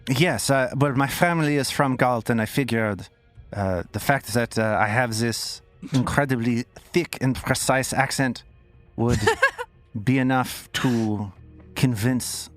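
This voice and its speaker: A man voicing an anxious young woman cultist who speaks in a thick, precise accent, with halting, formal phrasing. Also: mid-range voice, no room sound, soft background music, close to an everyday voice. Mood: earnest.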